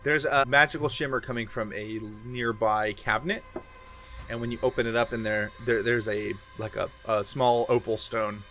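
A man's voice: medium pitch, steady tone, moderate pace, fairly bright tone, a little hiss or hum. A man narrating a tabletop game as game master, in a casual, laughing way with frequent restarts.

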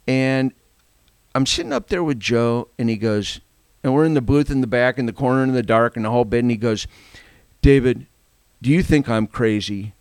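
A man's voice: mid-range voice, clean tone, dry recording. A man, a podcast guest, earnestly telling a long personal story. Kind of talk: storytelling anecdote.

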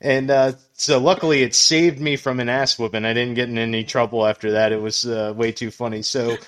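Male podcast co-host, mid-pitched, crude storyteller, laughs a lot. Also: fairly even intonation, brisk, a bit bright, clear, resonant tone. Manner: laughs often while telling stories, crude and profane. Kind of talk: casual storytelling. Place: small studio room.

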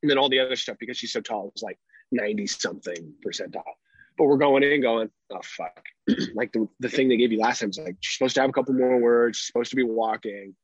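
A man co-hosting a podcast, telling animated stories about his toddler, swearing freely and laughing often. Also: mid-range voice, quick pace, breathy edge, no room sound, muffled recording. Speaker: podcast co-host, father. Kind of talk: casual chat.

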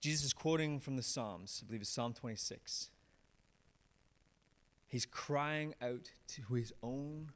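A man, a pastor, preaching a sermon. He tells the story with feeling, raising his voice on some lines and dropping low and quiet on others. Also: measured pace, long pauses. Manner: animated storyteller, swings from raised emphatic lines to low hushed ones.

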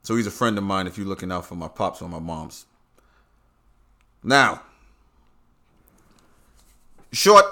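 A man's voice: lowish voice, pushed and bright. A man from Brooklyn with a New York accent, talking bluntly and swearing freely as he hosts his own podcast monologue. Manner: profane, blunt storytelling. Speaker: podcast host. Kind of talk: casual monologue.

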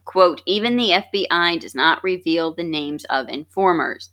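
A woman co-hosting a podcast, reading scripted true-crime narration in a steady, measured way. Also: lowish voice. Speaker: podcast co-host.

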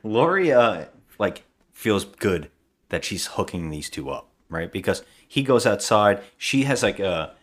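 A man's voice: lowish voice, very animated, unhurried. A man co-hosting a podcast, casually and animatedly retelling a movie scene by scene and acting out characters' lines. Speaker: podcast co-host. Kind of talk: casual movie recap chat.

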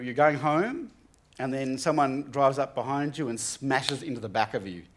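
A man's voice: mid-range voice, fairly bright tone. A young man giving an earnest, conversational Bible talk to students, often restarting his sentences. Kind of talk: sermon.

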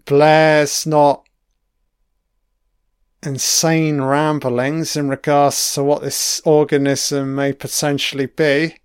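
A man drawls through a casual film commentary, his pitch a touch high and his voice smooth and clear. He swears constantly and enthuses over scenes, trailing off into asides. The sound is close and dry. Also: level tone, takes it slowly, no room sound. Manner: profane, enthusiastic, frequent swearing.

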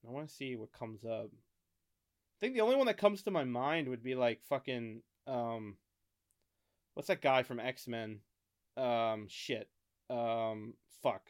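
An American man co-hosting a podcast in casual chat, rambling, thinking out loud and swearing often. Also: mid-range voice, animated, slow pace, pauses often. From United States. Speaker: podcast co-host.

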